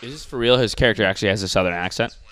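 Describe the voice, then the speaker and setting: A man's voice: fairly low pitch, racing, a bit bright, slight background noise. A man, a comedian, hosting a casual podcast chat, ranting with profanity.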